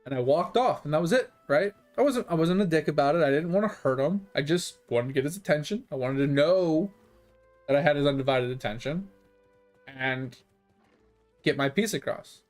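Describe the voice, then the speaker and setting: A young adult man who streams games, telling profane, animated stories in casual chat. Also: on the high side, moderate pace, soft background music. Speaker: gaming streamer. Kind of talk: casual storytelling.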